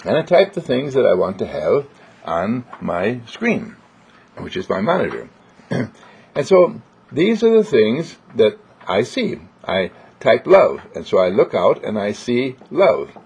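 A man with a medium-pitched, darkish, slightly rough voice speaks at a measured pace and is very animated. As an inspirational speaker, he delivers a joyful, sing-song spiritual motivational monologue, repeating simple affirmations, on a dull lo-fi recording.

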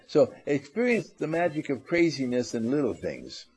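A man's voice: medium pitch, sing-song, normal speed, a little mellow, breathy edge. A man giving an inspirational talk, playful, acting out little scenes and repeating phrases for emphasis. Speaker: motivational speaker.

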